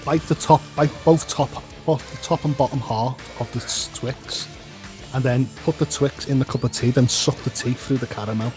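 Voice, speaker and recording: A man's voice: mid-range voice, fairly even intonation, normal speed, over music. An English man with a Scouse accent, chatting casually as co-host, often repeating his words as he talks. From England. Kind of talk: casual chat over gameplay.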